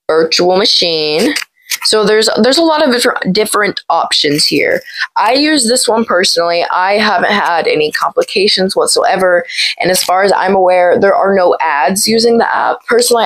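A young woman talking casually through a phone tutorial, hoarse from being sick, chatty and rambling with lots of fillers. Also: fairly low pitch, fairly bright tone, rough recording. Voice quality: gravelly. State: hoarse from illness. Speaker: tech video creator. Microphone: small plug-in microphone.

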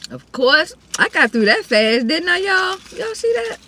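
A woman talks to her viewers between bites in a bright, forceful voice. Her pitch jumps all over the place as she chats and chews. It is an easygoing eating-show vlog, recorded on a phone inside a car. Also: big pitch swings, measured pace. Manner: chatty, addresses viewers as y'all; eats and chews between remarks. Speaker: mukbang vlogger. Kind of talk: casual eating-show chat.

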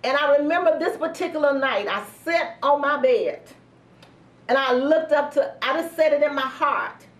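A middle-aged woman pastor giving a sermon testimony, telling a personal story slowly and earnestly with heartfelt pauses. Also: high voice. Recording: roomy sound from a distance.

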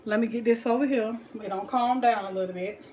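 A woman talking to viewers in a relaxed way while she cooks in her home kitchen, with frying sizzling behind her. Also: fairly high pitch, fairly quick, noisy background. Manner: chatty, talks to viewers and family at home. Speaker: cooking vlogger. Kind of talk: casual cooking vlog.

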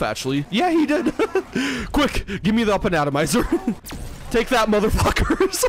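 A young man giving excitable, foul-mouthed let's-play commentary, swearing often and breaking into laughter. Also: very high voice, a little slow, pauses often. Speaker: gaming YouTuber.

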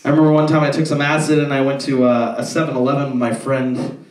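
A man's voice: mid-range voice, little pitch movement, fast, recorded from a distance. A young man doing a stand-up set, rambling with lots of filler words and swearing, on a comedy club stage. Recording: roomy club from off-mic.

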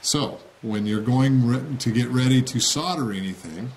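A man's voice: medium pitch, normal speed, background noise. A man giving a casual how-to tutorial on a hobby build, plain-spoken and checking in with "okay?" after each step. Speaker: model railroad hobbyist demonstrating.

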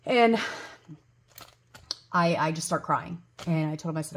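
A woman's voice: low voice, measured pace. A woman in her forties chatting casually to her vlog audience, rambling with lots of ums and restarts, and gushing over gifts. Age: 40s. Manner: gushes loudly over gifts. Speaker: budgeting vlogger.

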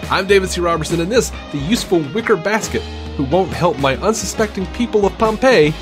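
A man's voice: high-pitched, expressive, brisk, over music. A man hosting a podcast in casual chat, laughing often and restarting his sentences. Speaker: podcast host.

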